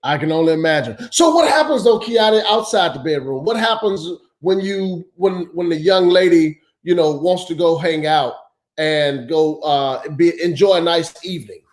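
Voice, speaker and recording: A man's voice: fairly high pitch, normal speed. A man hosting a casual morning show, asking questions in an earnest way. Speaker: host. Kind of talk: casual chat.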